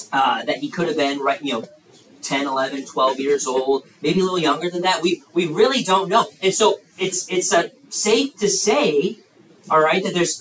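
In a large campground room, a man with a slightly high voice preaches to children at a youth camp, animatedly acting out the story's voices and asking the kids questions. He is far from the mic, and the low-quality recording sounds reverberant.

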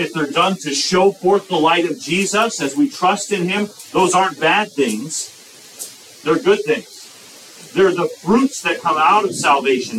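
A male preacher with a fairly high, slightly bright voice gives an emphatic sermon, hammering points home by repeating phrases. He slows way down when quoting scripture, and the somewhat distant mic picks up a faint hiss beneath him.

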